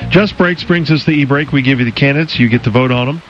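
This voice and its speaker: A man's voice: medium pitch, quick pace. Man hosting a radio talk show. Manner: laid-back, reads segments and ads. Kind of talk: sports talk radio banter. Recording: dull lo-fi radio broadcast with faint music.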